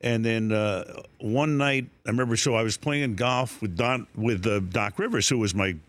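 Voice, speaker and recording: A man's voice: medium pitch, normal speed, fairly bright tone, no room sound. An older man, a sports broadcaster being interviewed, telling anecdotes with laughter and rising quoted voices on a studio mic. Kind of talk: storytelling interview.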